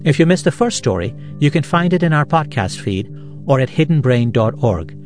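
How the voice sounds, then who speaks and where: A man hosting a podcast, giving measured, reflective scripted narration in a studio. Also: medium pitch, sing-song, darkish tone, soft background music. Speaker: podcast host.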